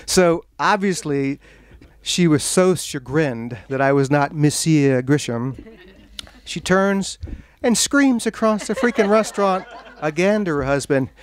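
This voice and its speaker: A man giving an author talk at a bookstore, telling a lively anecdote to an audience and laughing along with it. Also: fairly high pitch, measured pace. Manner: animated anecdote-telling, laughing at his own story. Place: bookstore event room.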